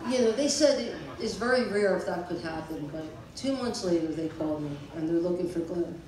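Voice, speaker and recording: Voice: medium pitch, lively intonation, brisk, crowd noise. A person at a memorial concert giving a chatty spoken tribute, telling stories and chuckling between lines. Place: large hall with audience. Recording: echoey hall from far off, background noise.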